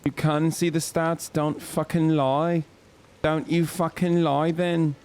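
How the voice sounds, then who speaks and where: Relaxed, profane male streamer. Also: fairly high pitch, slow, clean tone. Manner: laid-back, profane, talks to chat. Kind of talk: casual gaming commentary.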